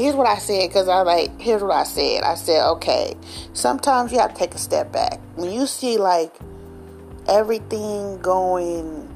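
A woman vlogger talking straight to her viewers in a casual, animated, slang-filled way, often tagging lines with "okay?". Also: medium pitch. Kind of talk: casual direct-to-camera chat.

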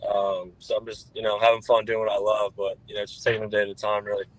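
A young man in his twenties from New Jersey, answering interview questions in a relaxed way with plenty of fillers. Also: lowish voice, quick pace, poor audio. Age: 20s. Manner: relaxed, repeats filler words. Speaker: guest quarterback.

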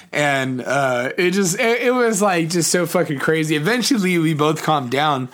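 A man's voice: a little high, moderate pace, fairly bright tone. Rambling young man, casual swearing. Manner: rambling, swears freely, many fillers and restarts. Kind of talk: casual personal vlog chat.

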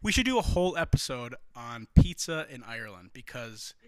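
A man's voice: mid-range voice, sing-song, normal speed, dry recording. Rambling, profane young American man. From United States. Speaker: podcast host. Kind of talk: casual chat.

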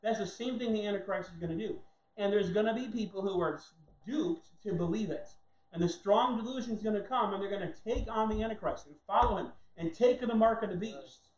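High-voiced fiery male preacher, roomy. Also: a little fast. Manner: heated, mocking, acts out people in squeaky voices. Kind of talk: sermon. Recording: roomy, dull lo-fi sound.

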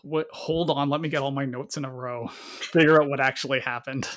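A man's voice: medium pitch, steady tone, a little fast, fairly bright tone. A man chatting casually about a movie, rambling and cutting himself off, acting out lines in quotes. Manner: rambling, self-interrupting, acts out quotes. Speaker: movie reviewer. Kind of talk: casual podcast chat.

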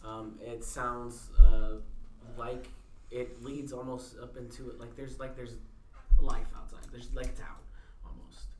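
A man narrating a tabletop game as game master, describing scenes with many pauses and fillers. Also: mid-range voice, little pitch movement. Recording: roomy, distant, faint background noise.

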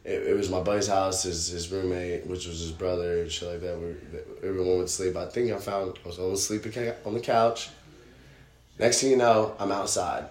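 A man hosting a podcast, telling stories in a rambling, profane, casual way that gets animated. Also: sits low, fairly quick, echoey room. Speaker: podcast host. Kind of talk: casual storytelling chat.

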